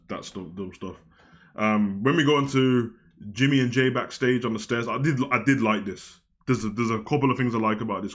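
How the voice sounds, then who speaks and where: A young man, casually reviewing a wrestling show on a live stream, animated and slangy, jumping from loud outbursts to mumbled asides. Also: fairly low pitch.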